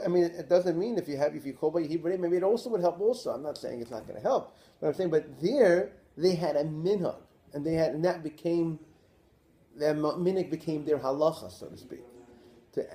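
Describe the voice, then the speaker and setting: High-voiced rabbi teaching a Torah class. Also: male voice, fairly quick. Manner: animated, poses rhetorical questions to listeners.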